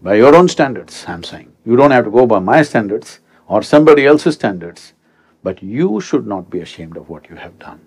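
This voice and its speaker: Rhetorical man in his sixties, low voice. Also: moderate pace, slightly rough. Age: 60s. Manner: animated, rhetorical, repeatedly prompting listeners. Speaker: spiritual teacher. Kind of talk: speech to a young audience.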